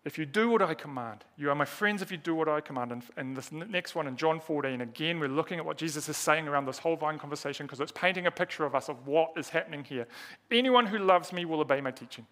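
A man's voice: a little high, fast, hardly any pauses, a bit bright. A man preaching a sermon, earnest and emphatic, asking rhetorical questions and repeating key words.

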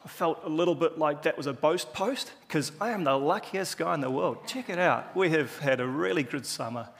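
A man with a New Zealand accent preaching a relaxed, jokey, self-deprecating sermon in a church hall. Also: fairly high pitch, moderate pace, creaky. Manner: chatty, joking, self-deprecating. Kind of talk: casual sermon.

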